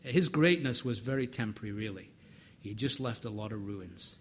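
A man's voice: on the low side, moderate pace, slight background noise. A middle-aged man preaching a sermon in an earnest, conversational way, often repeating words as he builds up.

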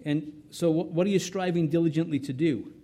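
A man's voice: fairly high pitch, brisk, mellow. A middle-aged man from North America preaching an expository sermon, emphatic, asking rhetorical questions and often tagging "right?" while repeating and restarting words.

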